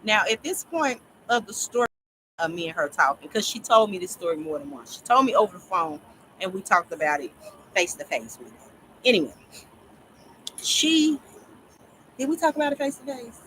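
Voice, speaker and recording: Bright, lively woman telling a story. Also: medium pitch, normal speed, long pauses, a little hiss or hum, low-quality recording. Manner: animated, rambling, laughs while telling. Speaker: storyteller vlogger. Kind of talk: casual storytime to viewers.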